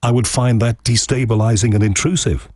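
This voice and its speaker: A man's voice: medium pitch, steady tone, fairly quick, darkish tone, no room sound, clean studio sound. A man hosting an interview, asking probing and skeptical questions, often at length. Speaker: interview host. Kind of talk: conversational interview.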